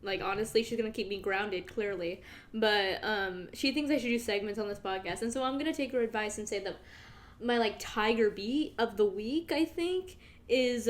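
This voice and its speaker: A young woman hosting her own podcast, rambling casually, swearing and laughing as she goes. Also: mid-range voice. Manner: chatty, rambling, swears freely, laughs often. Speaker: podcast host. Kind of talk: casual solo podcast monologue.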